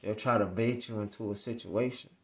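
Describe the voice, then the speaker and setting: A man's voice: fairly low pitch, steady tone, fairly quick. A man vlogging, telling a story in a rambling, repetitive, conversational way. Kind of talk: casual storytelling monologue.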